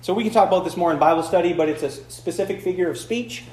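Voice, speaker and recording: A pastor from Michigan's Upper Peninsula preaches a conversational sermon full of playful asides, recorded in a church with a roomy sound. His voice is high-pitched and darkish in tone, and he talks at a racing speed.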